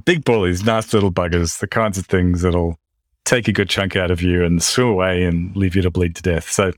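An Australian man hosting a podcast in casual chat, relaxed, chuckling easily, with a dry, understated way of putting things. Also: sits low, a little fast, dry recording. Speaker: podcast host.

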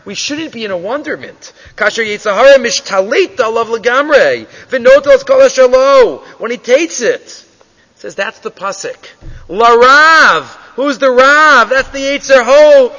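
A man's voice: extremely high pitch, lively intonation, measured pace, sharp tone. A man teaching a Torah class. He reads each Hebrew line of a story and then explains it in English, acting out the people in it. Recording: dull lo-fi audio with long reverb.

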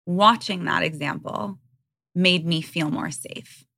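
A woman's voice: lowish voice, takes it slowly, creaky, pushed and bright, no echo, studio quality. A woman in her thirties, a podcast guest, speaking frankly and earnestly in a candid interview.

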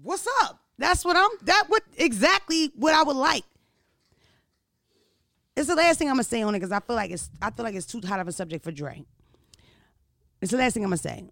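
A woman hosting a casual chat, telling stories in an animated, laughing and profane way. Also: a little high, brisk, gravelly, long pauses, no echo, studio quality. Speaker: podcast host.

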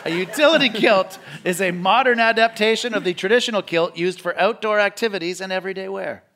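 High bright-voiced male comedy quiz host. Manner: jokey, quick with asides. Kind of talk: live comedy quiz hosting. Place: theatre stage. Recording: live theatre audience, light noise. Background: audience laughing and clapping.

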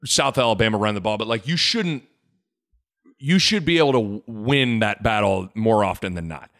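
Animated man hosting a sports podcast. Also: on the low side, moderate pace. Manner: animated, joking, rambling asides. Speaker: podcast host. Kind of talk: casual sports talk.

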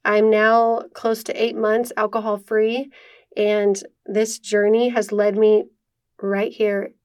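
A young woman hosts her own podcast, delivering a personal monologue into a podcast mic. Her mid-range voice is clear, resonant and a little mellow, with a flat, slow delivery. She speaks earnestly from the heart, close to tears, and uses lots of casual fillers.

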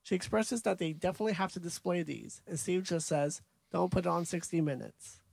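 Gravelly laid-back man recapping a film. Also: high-pitched, fairly quick, a little mellow, no echo. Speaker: podcast co-host. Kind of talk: casual movie recap chat.

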